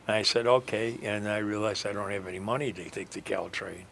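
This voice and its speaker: Rambling, bright-voiced male storyteller. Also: lowish voice, steady tone, a little fast, creaky, slight background noise. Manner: meandering, hesitant, frequent fillers and restarts. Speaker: radio guest telling a life story.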